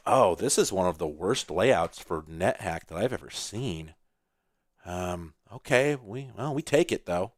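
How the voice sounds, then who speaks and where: A man's voice: low voice, expressive, measured pace, dry recording. A man hosting a retro computing video, rambling in casual, profane commentary while he plays an old computer game, breaking into sudden exclamations.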